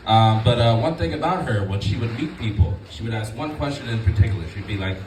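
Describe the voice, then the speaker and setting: A man doing a stand-up comedy set, talking in a laid-back, halting way with many fillers and a smooth, announcer-like voice. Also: on the low side, expressive, far from the mic, noisy background. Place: comedy club. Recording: roomy club sound from off mic with loud crowd laughter. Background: audience laughing.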